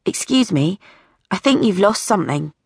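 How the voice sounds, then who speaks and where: A woman narrator voicing a cheerful young woman photographer who gives brisk, encouraging directions to a family. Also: mid-range voice, very animated, creaky, slightly rough, dry recording, studio quality, exaggerated voice. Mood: pointed.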